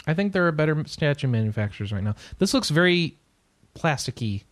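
A man hosting a casual gaming news podcast, reading news items and adding relaxed asides. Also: fairly high pitch, fairly quick, no echo. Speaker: podcast host.

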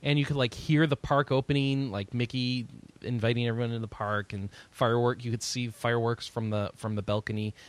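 A man's voice: medium pitch, fairly even intonation, a little fast. A man co-hosting a podcast, recounting a trip in easygoing casual chat with "uh"s and "um"s. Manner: easygoing, recounting trips with fillers. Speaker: podcast co-host.

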